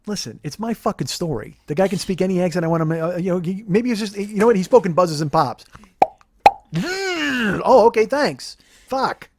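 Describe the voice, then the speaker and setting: A man's voice: high voice, quick pace, hardly any pauses, a little hiss or hum. A man hosting a podcast, telling a rambling comedic story in a loose, profane way. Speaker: podcast host.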